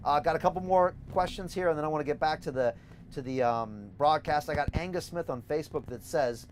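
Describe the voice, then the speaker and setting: A middle-aged man from the United States with an American accent softened by years in Britain, hosting a live-stream Q&A from a moving campaign bus. He reads viewer questions and answers them emphatically and upbeat, repeating key phrases. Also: fairly high pitch, a little fast, slight background noise. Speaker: host and campaigning candidate.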